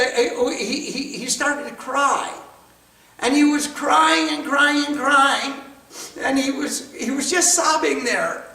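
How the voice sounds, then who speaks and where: A man's voice: very high-pitched, bright, forceful tone. A man teaching a spiritual class, telling stories and answering students' questions in an emphatic, repetitive style. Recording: echoey room, far from mic.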